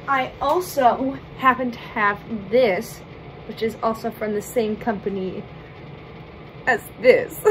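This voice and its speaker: A woman's voice: fairly high pitch, a little hiss or hum, low-quality recording. A woman vlogger talking through a makeup challenge in a bubbly, playful way, with chatty asides.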